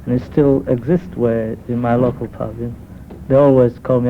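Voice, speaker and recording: A man's voice: mid-range voice, flat delivery, fairly quick, gravelly, narrow, tinny audio, slight background noise. A man from Kenya telling casual anecdotes, full of "you know", on a thin 1970s radio recording. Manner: chatty, lots of "you know". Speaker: interviewee.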